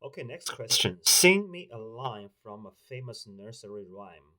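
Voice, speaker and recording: Guy testing a voice assistant, kinda hesitant, bright sound. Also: fairly low pitch, lively intonation, moderate pace, rough recording. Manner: hesitant, with many fillers. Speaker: tech reviewer host. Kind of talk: casual talk to a voice assistant.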